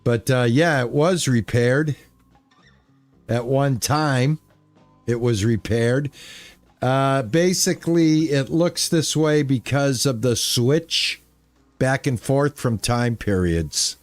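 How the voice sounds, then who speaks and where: Here a man streams a farming game, talking slowly and casually with his live chat in a loose, easygoing, rambling way. His pitch is medium. The recording is dry, with faint music behind him.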